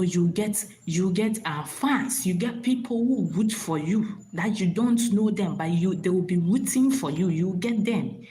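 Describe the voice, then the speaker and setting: A woman's voice: medium pitch, mellow, a little hiss or hum, low-quality recording. A woman hosting a live stream and giving motivational advice in a preachy, repetitive way, often asking if listeners understand. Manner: preachy, repeats herself, asks "you understand?".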